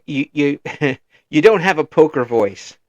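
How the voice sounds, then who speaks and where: A man from Illinois with a Midwestern American accent, hosting a casual interview and talking in halting, restarting phrases with frequent chuckles. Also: a little high, lively intonation, dry recording, muffled recording. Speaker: interview host.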